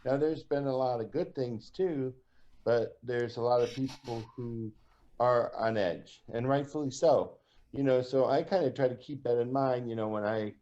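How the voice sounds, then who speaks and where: A man's voice: mid-range voice, dark tone. An easygoing podcast co-host who muses aloud in long, loose sentences. His voice sits mid-range, and the recording sounds a little dull. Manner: reflective, easygoing, rambling. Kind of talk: casual chat.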